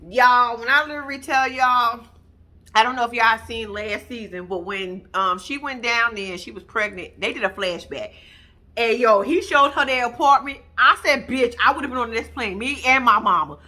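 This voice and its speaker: A woman giving a blunt, sassy casual recap of a reality TV episode, talking straight to her viewers. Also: moderate pace. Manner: swoops up high when excited.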